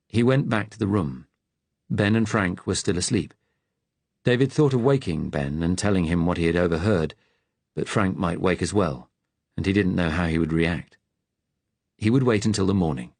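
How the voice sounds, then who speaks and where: A man narrating an audiobook in a measured, even way. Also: sits low, gravelly, no room sound. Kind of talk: scripted narration.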